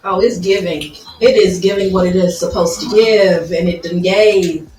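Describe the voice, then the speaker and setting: A woman's voice: fairly low pitch, fairly even intonation, normal speed, a little mellow, soft background music. A woman co-hosting a podcast, talking in a casual, candid and playful way. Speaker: podcast co-host. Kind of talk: casual chat. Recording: roomy, distant mic with faint noise.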